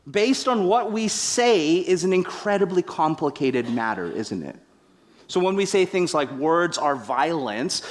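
A middle-aged man preaching a sermon as a pastor, telling stories with animated acted-out quotes and self-deprecating humor. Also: sits high.

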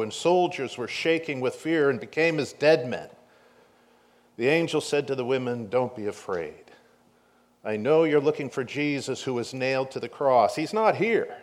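A pastor with a medium-pitched voice gives a sermon, reading scripture aloud. He then retells the story with animated delivery that swings between hushed and loud.

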